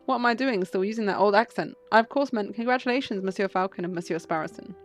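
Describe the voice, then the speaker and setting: A woman reading the lines of a courteous, scheming male fox gentleman from a game, in polished formal speech. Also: medium pitch, quick pace, soft background music, close to an everyday voice. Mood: polite.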